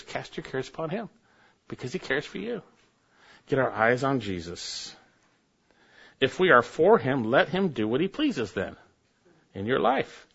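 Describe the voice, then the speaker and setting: A man preaching a sermon, reading scripture aloud and building to sudden emphatic rises in pitch and force. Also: fairly bright tone, husky, highs cut off. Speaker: pastor.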